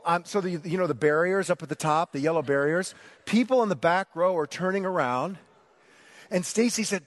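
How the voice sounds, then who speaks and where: A middle-aged man preaching a sermon, telling a story about himself in an animated, self-mocking way and acting out the shouting. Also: sits high, normal speed. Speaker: pastor.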